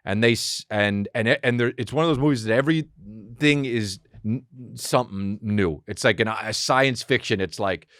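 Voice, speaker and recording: Excitable, profane male podcast host. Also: lowish voice, no room sound, clean studio sound. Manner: excitable, profane, riffing with quick acted asides. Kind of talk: comedic rambling monologue.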